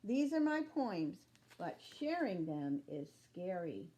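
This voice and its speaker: A woman's voice: on the low side, big pitch swings, takes it slowly, mellow. A woman reading aloud and voicing a shy, grumpy hot dog who gives curt, exasperated replies in a children's storybook. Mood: gentle.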